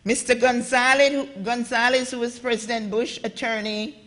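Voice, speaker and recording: A woman's voice: fairly high pitch, little pitch movement, normal speed, fairly bright tone. A woman from Jamaica with a Jamaican accent, giving an impassioned talk at a conference and speaking straight to the audience. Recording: echoey hall with long reverb.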